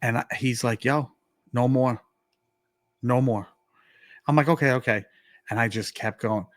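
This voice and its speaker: A man's voice: medium pitch, unhurried, no echo. A man, co-hosting a podcast and telling a story casually, acting out the dialogue and using lots of "like". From New York. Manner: animated, acts out quoted dialogue, many "like" fillers. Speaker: podcast co-host.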